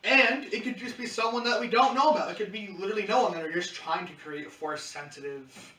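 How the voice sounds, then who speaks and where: A man's voice: high voice, quick pace, sharp tone. A man co-hosting a podcast, chatting casually with rambling, hedging tangents. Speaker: podcast co-host. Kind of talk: casual discussion chat. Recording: echoey room, distant mic.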